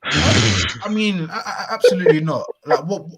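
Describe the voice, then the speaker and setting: A man's voice: on the high side, big pitch swings, moderate pace, a crowd in the background. A man co-hosting a football podcast, speaking reflectively, often restarting his words as he tells a story. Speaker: podcast co-host. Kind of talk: casual football chat.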